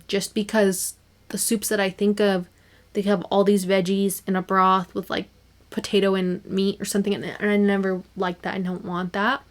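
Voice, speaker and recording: A young woman hosting her own podcast, chatting casually and animatedly with lots of fillers and quick laughs. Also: medium pitch. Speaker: podcast host. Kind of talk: casual solo podcast chat.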